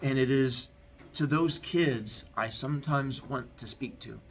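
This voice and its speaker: A man's voice: medium pitch, unhurried, fairly bright tone. A male teacher giving a heartfelt, candid talk to his students, telling a personal story in an earnest way.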